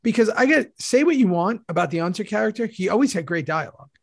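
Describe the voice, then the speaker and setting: A middle-aged man co-hosting a podcast, a relaxed, rambling storyteller who swears freely. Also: high-pitched, quick pace, creaky. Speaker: podcast co-host. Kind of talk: casual chat.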